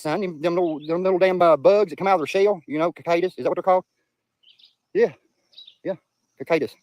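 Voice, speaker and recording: A man's voice: a little high, a little mellow, dry recording. A man from Eastern Kentucky with an Appalachian accent, rambling and cursing in casual livestream chat outdoors by a river. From Eastern Kentucky, USA. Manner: profane, rambling, chatty.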